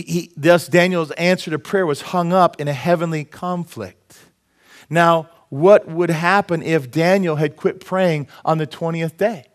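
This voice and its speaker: Animated high-voiced male pastor preaching. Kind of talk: sermon.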